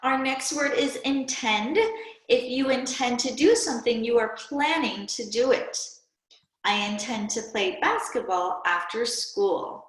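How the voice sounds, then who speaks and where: A woman teacher giving a recorded reading and spelling lesson to children, speaking clearly and patiently and asking them to pause and answer aloud. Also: fairly high pitch. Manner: slow, clear, patient classroom delivery with prompts to pause. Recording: echoey room.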